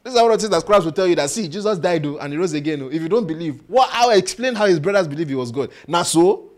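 Animated male preacher. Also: on the high side, fast talker, hardly any pauses. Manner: animated, mimics doubters in playful voices, asks the audience questions. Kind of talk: sermon.

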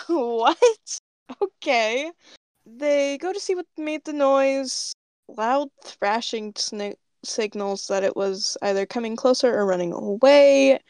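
A woman co-hosting a casual podcast who explains herself with easy laughs. Her voice is a touch high, and the sound is dry and close to the mic. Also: slow, darkish tone, smooth, no echo. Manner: chatty, self-explaining, laughing. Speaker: podcast co-host. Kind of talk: casual chat, reading an old role-play aloud.

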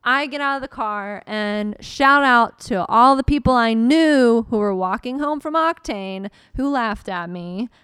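A young woman casually telling a story in a chat, animated and acting out her own reactions. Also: a little high, unhurried, hardly any pauses, clear, resonant tone, no room sound, clean studio sound.

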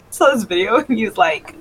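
A giggly woman co-hosting a casual podcast, her voice sitting a little high and swinging up and down a lot as she gushes. She keeps slipping into mock voices to quote people. A faint hiss of noise runs underneath. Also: low-quality recording. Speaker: podcast co-host. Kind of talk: casual chat.

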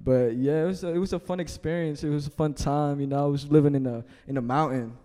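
Young man from the Philippines, podcast guest, higher-pitched and laid-back, recorded with a long reverb tail. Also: steady tone, fast talker, warm tone. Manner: laid-back, loose and rambling, heavy on "you know" and "like". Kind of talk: casual interview chat.

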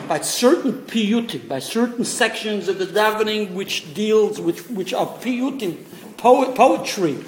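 A man's voice: sits high, slight background noise. A man giving a rambling, digressive informal religious lesson, sprinkling in Hebrew and Yiddish terms. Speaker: Torah teacher. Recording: roomy echoey room.

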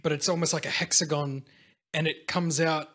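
A young man with a fairly high-pitched voice, chatting on a podcast. He rambles, swears freely and gets animated as he goes. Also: moderate pace. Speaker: podcast co-host. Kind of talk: casual podcast chat.

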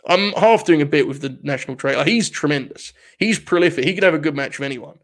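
A man from England co-hosting a podcast, chatting casually in animated, profane, joking rants. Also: fairly high pitch, fast talker. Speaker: podcast co-host. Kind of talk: casual chat.

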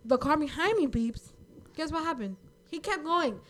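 A young woman telling a rambling, animated story in casual chat. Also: high voice, moderate pace, a little hiss or hum. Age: young adult.

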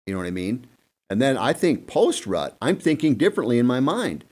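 A man telling hunting stories casually on a panel, acting out quick asides with an animated delivery. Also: mid-range voice, breathy edge. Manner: animated, acts out deer and buddies in quick asides. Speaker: guest hunting expert. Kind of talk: casual storytelling on a podcast panel.

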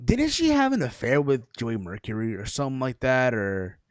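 A man's voice: mid-range voice, sing-song, normal speed, no room sound, clean studio sound. A man co-hosting a wrestling podcast, talking loosely and rambling, with lots of swearing and "bro". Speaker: podcast co-host. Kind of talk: casual wrestling chat.

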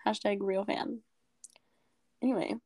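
A woman's voice: mid-range voice, fairly even intonation, a little slow, a little mellow. A young woman co-hosting a podcast, chatting casually with a giggly, playful, rambling manner. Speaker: podcast co-host.

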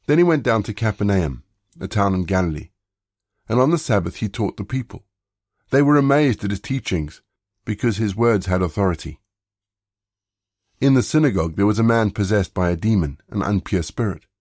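Man leading a devotion, scripture reading, fairly low, dry close sound. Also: lively intonation, moderate pace, a little mellow, no room sound. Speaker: leader of a daily devotion.

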